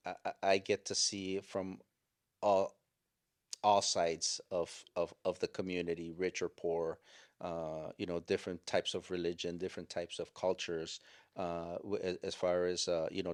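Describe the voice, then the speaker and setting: An older man speaks in a somewhat low voice as a chaplain recounting his experiences. He talks haltingly, filling gaps and starting over as he goes. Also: little pitch movement. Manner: halting, with many fillers and restarts. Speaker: chaplain and guest. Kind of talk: storytelling interview.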